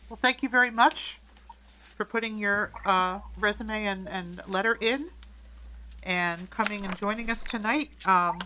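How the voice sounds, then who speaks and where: A woman's voice: mid-range voice, measured pace, sharp tone, slight background noise, rough recording. A woman chairing a town committee meeting, explaining the interview process in an upbeat, friendly way. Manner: upbeat, joking between items.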